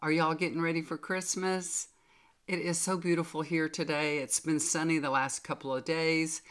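A hoarse older woman with a drawl talks casually to her followers. She rambles in a folksy way, full of fillers and restarts. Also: low voice, flat delivery, normal speed, a bit bright. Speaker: tarot reader. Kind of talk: casual chat to viewers.

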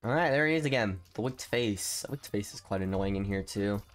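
Excitable young man narrating gameplay. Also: on the low side, a little fast. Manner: excitable, swings from grumbling to shouting. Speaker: gaming video host. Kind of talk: casual gameplay commentary.

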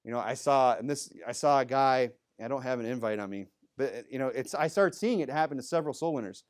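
A man's voice: medium pitch, quick pace. A man preaching in a church in a loose, conversational way, with good-humored asides. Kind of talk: conversational sermon.

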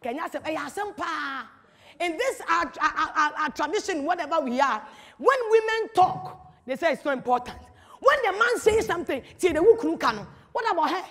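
A woman giving an animated, teasing church talk to an audience, full of rhetorical questions. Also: very high-pitched, brisk, in a large hall. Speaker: speaker at a church teaching. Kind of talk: lively sermon-style talk to an audience.

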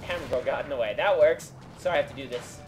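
A young man co-hosting a let's play, giving goofy, excitable commentary and bossing his partner around. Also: mid-range voice, fast talker. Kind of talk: casual gameplay commentary. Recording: game music underneath.

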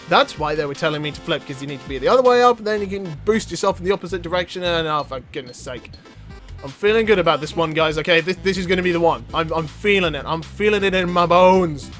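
A man yelping and joking through animated gameplay commentary. His voice runs high for a man, with faint music behind. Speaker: gaming YouTuber.

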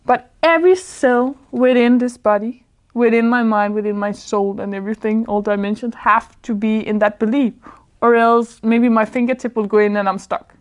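A woman's voice: fairly high pitch, steady tone, normal speed. A woman giving an informal spiritual talk to a small group indoors. She sounds earnest, searches for her words, and often laughs. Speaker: spiritual speaker.

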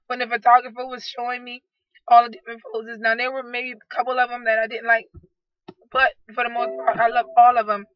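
A woman with a hoarse, fading voice records a casual video diary as a vlogger, effusively addressing her viewers. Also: fairly high pitch, level tone, normal speed, no room sound, dull audio. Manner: effusive, keeps calling out "guys". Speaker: vlogger, aspiring model. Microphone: laptop built-in mic.

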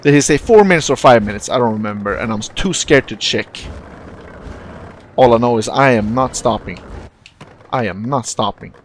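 A young man casually commentating his own gameplay, excitable and profane, often jumping into loud yelps. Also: mid-range voice, normal speed, slight background noise. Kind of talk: let's-play commentary.

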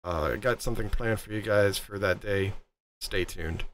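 A man's voice: lowish voice, normal speed, a bit bright, slight background noise. A man streaming a game, chatting casually to his viewers in a rambling way full of ums and restarts.

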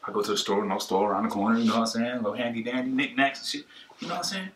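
Fast-talking young man spinning a story. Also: medium pitch. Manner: rambling, boastful, fast-talking slang. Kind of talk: comedic storytelling. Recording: roomy echo, faint noise.

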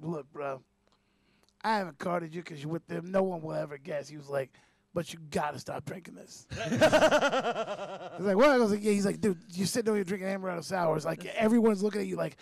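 A man, telling a profane story with rising excitement in casual podcast chat. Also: high voice, quick pace, vocal fry, dry recording. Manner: animated, profane, gets loud. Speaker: podcast co-host.

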